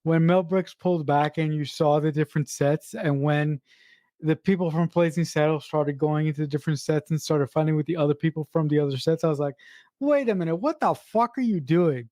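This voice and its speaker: A man's voice: fairly high pitch, flat delivery, a little fast, mellow, no echo, studio quality. Emphatic man podcast co-host. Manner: emphatic, repeats words, says "listen". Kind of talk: casual film review chat.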